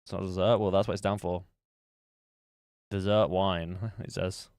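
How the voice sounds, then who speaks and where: A man's voice: low-pitched, little pitch movement, a little slow, darkish tone, clear, resonant tone, dry recording, clean studio sound. A man streaming live, chatting casually and thinking aloud as he works through a guessing game. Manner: musing aloud while playing a guessing game. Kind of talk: casual livestream chat.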